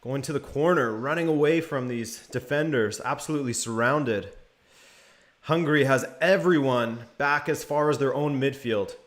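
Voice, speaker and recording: In a mid-range voice at ordinary speed, a young man runs a live watch-along stream. He narrates the match in a casual play-by-play and answers questions from chat.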